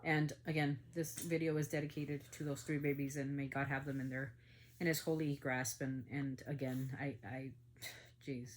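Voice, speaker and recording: A woman's voice: rumbling low, flat delivery, moderate pace. A middle-aged woman hosting a family podcast, talking with anger and emphatic outbursts. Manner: angry, emphatic, with surges of loudness. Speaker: podcast host. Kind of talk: emotional commentary.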